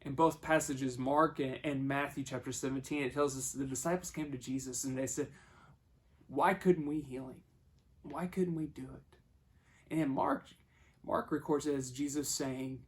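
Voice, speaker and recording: A man preaching a sermon, telling the story and acting out the voices he quotes, moving between hushed and loud passages. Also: medium pitch.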